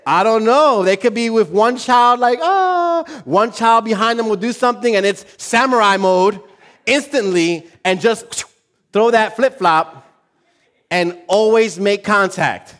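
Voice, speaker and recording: A man preaching a sermon, telling a funny story and joking with his congregation, often repeating himself as he goes. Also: high-pitched. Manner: lively, joking, talks to the congregation; halting, repeats words.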